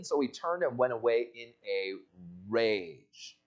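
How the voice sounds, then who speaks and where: With huge swings in pitch around a medium register, this male pastor takes his time through an expository sermon. He brings the story's people to life by acting out their voices, all in a church sanctuary.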